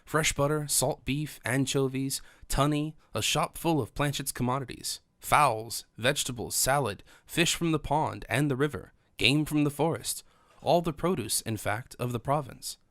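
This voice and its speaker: A man narrates a classic adventure novel in a steady, measured reading. His voice sits in a middle pitch. The recording is dry and close, with no room sound. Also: dry recording. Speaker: audiobook narrator. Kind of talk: scripted narration.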